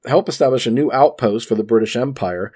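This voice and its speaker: A man's voice: medium pitch, a little fast, mellow, breathy edge. A man casually reading an article aloud at his microphone. He keeps breaking off into rambling asides and uses plenty of "uh"s and restarts. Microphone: desk microphone.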